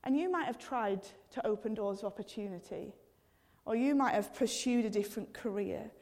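A woman's voice: medium pitch, lively intonation, normal speed, a little mellow. A woman in her thirties preaching a sermon in an earnest, conversational way, often addressing God directly and using casual fillers. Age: 30s.

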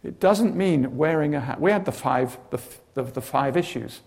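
Delivering a sermon at a moderate pace, this preacher has a fairly high voice marked by vocal fry. He spins stories dramatically and slips in funny asides along the way.

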